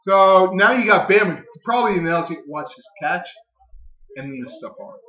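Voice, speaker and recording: A man's voice: sits high, moderate pace, muffled recording. A man co-hosting a casual podcast, teasing his partner and calling plays from a game on TV. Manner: teasing, excitable, quips over a game on TV. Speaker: podcast co-host. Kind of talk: casual chat with live sports commentary. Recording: roomy echo.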